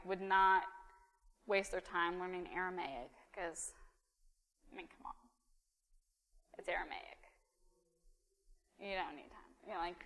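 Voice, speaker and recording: Woman preacher, casual and joking from the pulpit, bright tone, echoing sanctuary. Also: medium pitch. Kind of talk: sermon. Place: church sanctuary.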